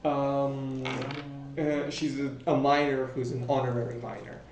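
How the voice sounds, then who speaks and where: A man's voice: medium pitch, little pitch movement, unhurried, over music. A man running a tabletop game as game master, narrating casually with lots of fillers and restarts. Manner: rambling, filler-heavy, self-interrupting. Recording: echoey room, far from mic, loud noise.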